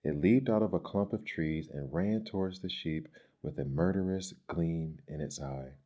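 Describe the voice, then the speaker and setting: A man reading children's stories aloud in a gentle, measured, expressive way. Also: sits low. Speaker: storyteller. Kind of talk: storybook reading. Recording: dull lo-fi recording.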